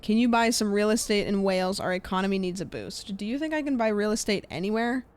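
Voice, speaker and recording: A young woman streamer chatting casually while gaming, rambling with lots of fillers and trailing off quietly. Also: mid-range voice, lively intonation, fast talker.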